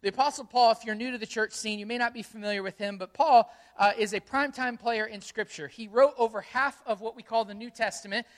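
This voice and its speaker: A middle-aged man preaching a sermon as pastor, conversational and energetic, with many rhetorical questions. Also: high-pitched, fast talker, hardly any pauses.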